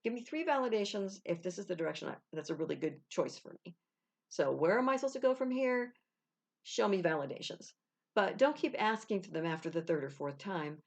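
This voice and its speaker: A woman's voice: on the low side, creaky. A woman, a spiritual guide, talking casually to camera with chatty advice and little acted-out exchanges. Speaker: intuitive spiritual guide, video host.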